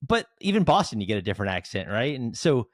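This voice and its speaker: Male podcast host from South Jersey: mid-pitched, rambling and chatty, dry close sound. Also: big pitch swings, fast talker, dry recording. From South Jersey, United States. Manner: chatty, rambling, many fillers and restarts. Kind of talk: casual interview chat.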